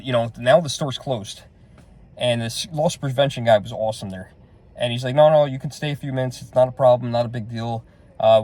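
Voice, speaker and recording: His voice sits in the mid-range and has a darkish tone. This middle-aged man is vlogging, casually recounting an exasperating shopping trip to camera, wandering through the tale and quoting everyone involved.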